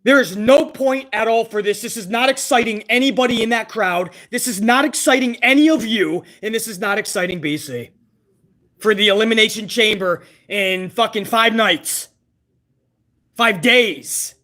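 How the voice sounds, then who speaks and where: A man hosting a live reaction stream, ranting with exasperated profanity over what he is watching. His voice is very high, and it sounds bright and forceful. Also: moderate pace.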